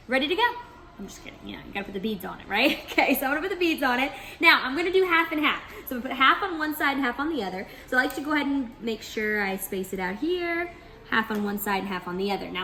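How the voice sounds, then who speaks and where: A woman's voice: fairly high pitch, sharp tone. A woman training store staff, demonstrating step by step in an upbeat, instructive way and often checking in with her listeners.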